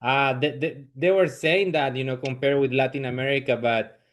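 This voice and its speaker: A man from Chile with a Chilean Spanish accent, a stand-up comedian chatting casually in an interview, laughing often and filling pauses with "you know.". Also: medium pitch, fairly even intonation.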